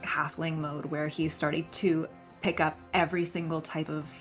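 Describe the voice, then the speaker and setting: A woman's voice: low-pitched, little pitch movement, moderate pace, faint music behind. A woman player in a tabletop game, rambling and giggly with lots of fillers. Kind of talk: casual tabletop play.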